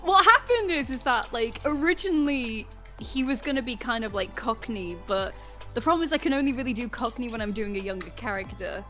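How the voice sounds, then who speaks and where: A woman's voice: a little high, animated, a little fast, pushed and bright, soft background music. A woman chatting casually with friends in a playful, joking way and laughing easily. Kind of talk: casual chat among friends.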